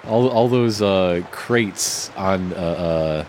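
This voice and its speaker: A man co-hosting a gameplay video, tossing out quick jokes. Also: low-pitched, a little mellow. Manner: joking, quick wisecracks. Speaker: co-host. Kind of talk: casual gameplay banter. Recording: noisy background.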